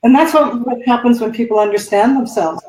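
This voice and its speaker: A woman's voice: on the high side, a little fast, darkish tone. A woman guest coach explaining ideas in a thoughtful, conversational way. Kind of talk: conversational interview. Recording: roomy, distant from the mic.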